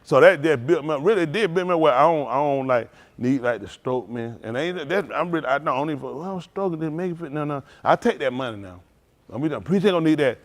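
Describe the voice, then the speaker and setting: In a livestreamed synagogue hall, this man shares a conversational, emotional testimony with his congregation, often laughing and exclaiming. His voice sits on the high side, expressive and quick-paced.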